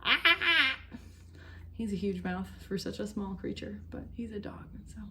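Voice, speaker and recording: A woman's voice: mid-range voice, level tone, moderate pace, mellow, a little hiss or hum. A young woman vlogging about knitting at home in a chatty, rambling way that wanders off topic. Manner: chatty, rambling, easily sidetracked. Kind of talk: casual chat.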